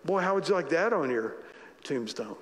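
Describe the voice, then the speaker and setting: Pastor preaching with a raised, repeating voice. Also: male voice, a little high, expressive, normal speed, big-room sound. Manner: conversational, repeats phrases for emphasis. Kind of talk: sermon. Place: church sanctuary.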